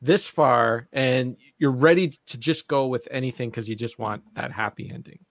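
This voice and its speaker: A man's voice: mid-range voice, moderate pace, no echo. Easygoing man in a dry, close recording. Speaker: podcast co-host. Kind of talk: casual chat.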